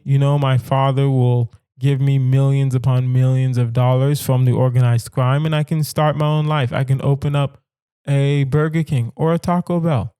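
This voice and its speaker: A man's voice: mid-range voice, dark tone, clear, resonant tone, no echo, studio quality. A young man hosting a comedy podcast alone, riffing on hypothetical dilemmas and talking straight to his listeners with mock-serious asides. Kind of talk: solo comedic monologue.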